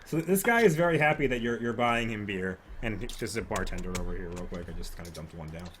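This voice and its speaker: A man's voice: on the low side, expressive, quick pace, background noise. A man narrating a tabletop game as game master, loose and rambling, with many fillers.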